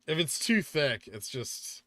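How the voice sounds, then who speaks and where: A man's voice: on the high side, big pitch swings, slow pace, sharp tone, dry recording. Chatty Californian man, dry close sound. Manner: chatty, rambling, answers chat questions. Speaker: livestream host. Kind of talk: casual live trading chat.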